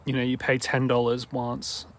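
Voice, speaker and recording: A man's voice: medium pitch, monotone, moderate pace. A man from Australia with a mixed Australian, British and Irish accent and a dopey-sounding voice, rambling casually and drifting off on tangents. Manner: meandering, goes off on tangents.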